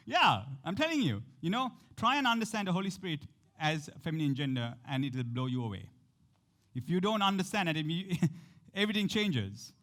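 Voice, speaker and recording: A man's voice: a little high, a bit bright. A man preaching a sermon, talking straight to his listeners with frequent questions and acting out the quotes in shifting voices. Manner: speaks to the congregation directly, with frequent questions. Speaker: pastor.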